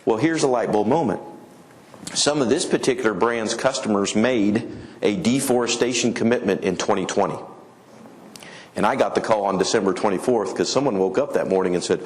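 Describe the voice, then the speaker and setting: Animated man giving a conference talk. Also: fairly quick. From Colorado, USA. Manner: animated storyteller, acts out quoted customers with raised pitch. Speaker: conference speaker. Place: conference hall.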